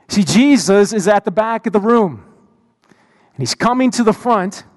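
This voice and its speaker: High-voiced male preacher in a reverberant hall. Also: a little mellow. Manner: storytelling with many restarts and repeated words. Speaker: pastor. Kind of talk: sermon.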